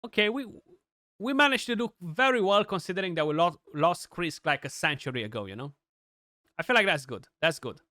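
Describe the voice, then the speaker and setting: A young man giving chatty, excitable live commentary on his gameplay, with many restarts and fillers. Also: high-pitched, fairly quick, no echo, studio quality. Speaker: gaming streamer.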